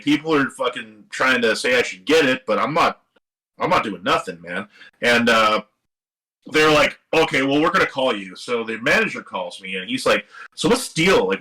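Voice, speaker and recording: Animated, bright-voiced man telling a story. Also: medium pitch, low-quality recording. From Seattle area. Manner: animated, swearing, quotes others in lively voices. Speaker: guest musician. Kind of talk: casual storytelling interview. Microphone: live stream microphone.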